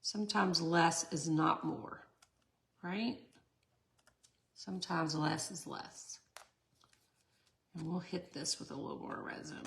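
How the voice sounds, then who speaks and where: A chatty middle-aged woman hosts a casual resin art tutorial, laughing often and talking to her viewers. Her low-pitched, gravelly voice has a fairly bright tone, and she takes it slowly with frequent pauses.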